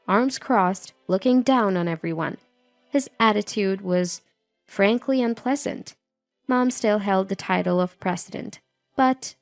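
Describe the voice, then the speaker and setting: A middle-aged woman narrating a scripted first-person story in an even, measured way. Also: mid-range voice, no room sound. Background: faint music.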